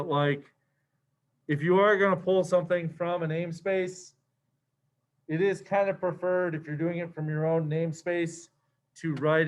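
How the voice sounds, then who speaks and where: A man teaching a programming lesson in a casual, slangy way, with many fillers as he walks through code. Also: on the high side. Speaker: programming instructor. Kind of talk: screen-share coding lecture.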